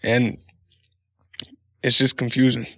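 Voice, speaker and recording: A man's voice: mid-range voice, level tone, takes it slowly, vocal fry, sharp tone, no room sound, studio quality. A man in his thirties hosting a casual solo podcast, rambling and swearing freely with frequent laughs. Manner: profane, laughing, rambling storyteller. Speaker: podcast host.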